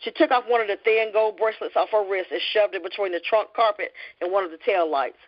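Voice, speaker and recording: A woman author reading her novel aloud in an earnest, steady voice and then chatting in an interview. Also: mid-range voice, fast. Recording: lo-fi podcast audio.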